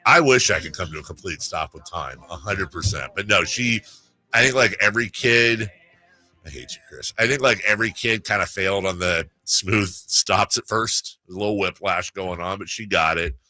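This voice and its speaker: A middle-aged man hosting sports talk radio, telling stories in a casual, animated way. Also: deep voice, normal speed, no echo. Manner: animated storyteller, puts on voices in quotes. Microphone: studio microphone.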